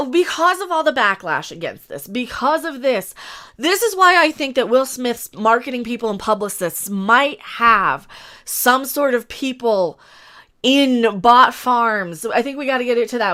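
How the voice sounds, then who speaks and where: Woman host, ranting livestream talk, blunt and fairly high, bright tone. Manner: ranting, blunt, quick asides. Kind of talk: casual opinion livestream.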